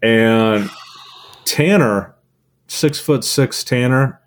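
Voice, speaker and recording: Chill guy recapping tv on a podcast, lots of ums, mid-low voice. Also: drawn-out words. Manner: relaxed recapper, many fillers. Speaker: podcast co-host. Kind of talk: casual chat.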